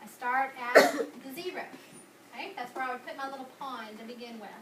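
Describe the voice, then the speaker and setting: A woman's voice: sits high, expressive, brisk, very noisy. A woman teacher, coaching a classroom of children in an upbeat, coaxing way and repeating key words. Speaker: elementary school teacher. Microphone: far camera. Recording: echoey classroom from far off.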